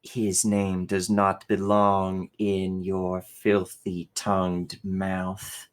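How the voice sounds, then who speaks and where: A man voicing a cold, hateful ancient female machine ruler in a tabletop role-play, with a slow, contemptuous, seething delivery. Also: deep voice, monotone, clear, resonant tone, low-quality recording. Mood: seething contempt.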